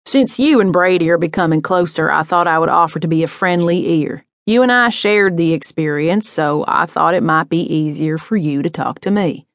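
A woman narrator voicing a calm adult male police detective who presses gently and sounds sympathetic. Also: on the low side, normal speed, few pauses, no echo, studio quality, close to an everyday voice. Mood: coaxing.

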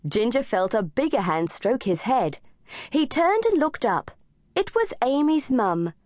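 Lively woman reading a children's story. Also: on the high side, unhurried, no room sound, clean studio sound. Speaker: audiobook narrator.

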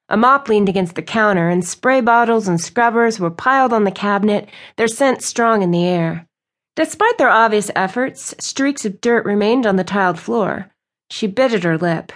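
A woman reading a romance novel aloud as an audiobook narrator, with smooth, even storytelling. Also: mid-range voice, moderate pace. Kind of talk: scripted narration.

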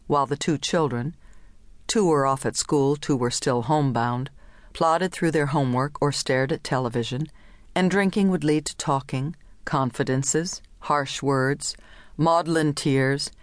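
A woman narrating a literary short story in a measured, even reading voice. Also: sits low, no room sound. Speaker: audiobook narrator.

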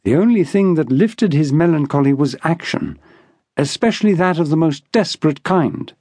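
A man narrating an audiobook in a measured, even storytelling delivery. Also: on the high side, no room sound, clean studio sound.

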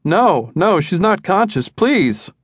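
A man's voice: high-pitched, big pitch swings, slow pace, breathy edge, dry recording, studio quality, pitched above the performer's own voice, full character voice. A man voicing a panicked middle-aged man who pleads for help, breathless and quaking. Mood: frantic.

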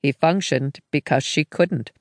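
A woman narrating a science fiction audiobook in a measured, even storytelling manner. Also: low voice, no room sound, clean studio sound.

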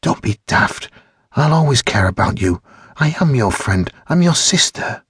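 A shy teenage girl, as a man reads her in an audiobook, speaks in a soft, wavering voice, lifted well above his own. A husky grain sits under it, and the recording is dry and close. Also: medium pitch, very animated, a little slow, no room sound, pitched above the performer's own voice, full character voice. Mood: pleading. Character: anxious, timid teenage girl.

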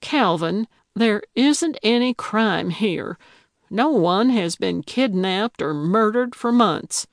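A bold, prickly old woman who plays sleuth, put on by a woman narrating a storybook. She talks slowly and emphatically, her voice raised and a bit gravelly, quick to take offense, in a dry, close recording. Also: medium pitch, lively intonation, no room sound, voice pushed up. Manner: indignant, emphatic. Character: feisty elderly woman detective with a walker.

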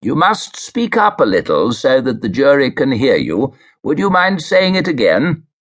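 A male narrator voicing a kind, patient judge who speaks gently and encouragingly. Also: mid-range voice, wildly swooping pitch, moderate pace, voice pushed up. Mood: coaxing.

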